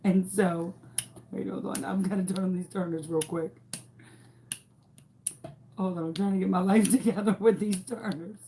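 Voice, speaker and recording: A woman's voice: mid-range voice, moderate pace, pauses often, a little hiss or hum. A young adult woman hosting a crafting video, telling a dramatic story while she works and acting out the people in it. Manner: dramatic, animated retelling with acted quotes. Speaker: crafting channel host.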